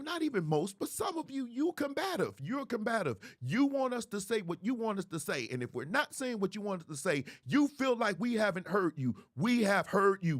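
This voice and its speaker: A man, hosting a livestream commentary in an emphatic, preachy way, repeating phrases for effect. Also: extremely high pitch. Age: 40s. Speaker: host.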